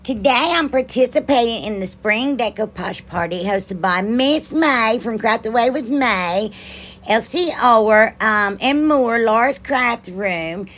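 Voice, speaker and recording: A woman who hosts a craft channel narrates her project in a chatty, rambling way, gushing with enthusiasm. Her voice is slightly high with a fairly bright tone, suited to this casual craft tutorial.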